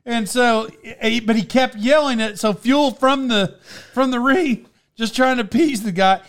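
A man telling a story in casual chat, animated, breaking into loud impressions of an excited fan. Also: very high-pitched, a little slow.

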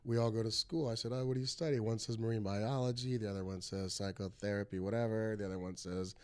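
Animated middle-aged comedian host. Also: male voice, lowish voice, fast talker, clean tone. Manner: animated storyteller, acts out quotes. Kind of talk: casual storytelling chat.

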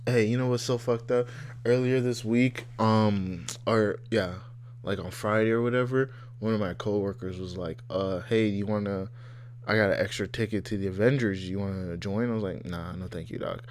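A man's voice: fairly low pitch, fairly even intonation, moderate pace, darkish tone. Brief: young man, casual co-host, laughs a lot, slangy, faint hum under the voice. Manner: laughs often, slangy, acts out quotes. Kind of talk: casual chat.

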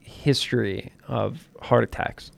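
A man's voice: mid-range voice, fairly even intonation, takes it slowly, gravelly. A man co-hosting a talk show, wry and hesitant, with many fillers. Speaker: co-host. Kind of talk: mocking political talk show.

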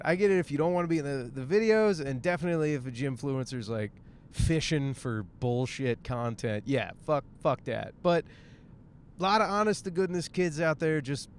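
A man's voice: on the high side, slight background noise. A man hosts a casual podcast monologue from his car, rambling, joking and swearing freely. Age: 30s. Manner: rambling, profane, jokey. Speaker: podcast host. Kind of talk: casual monologue while driving.

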